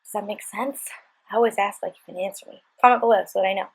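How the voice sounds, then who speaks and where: Breathy upbeat woman coaching a workout. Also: medium pitch, steady tone, fast, poor audio. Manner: upbeat, chatty, encouraging. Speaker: fitness instructor. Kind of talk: workout instruction voice-over.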